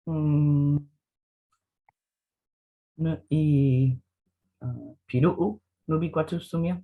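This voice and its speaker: Brief: male student, hesitant, slow when practicing phrases, tinny phone-like line. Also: on the high side. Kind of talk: language class practice. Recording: tinny phone-like call audio.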